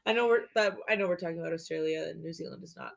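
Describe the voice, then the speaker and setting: A woman's voice: lowish voice, very fast, creaky. A woman co-hosts a casual podcast. She rambles through her points with many fillers and laughs easily. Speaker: podcast co-host. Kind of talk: casual chat.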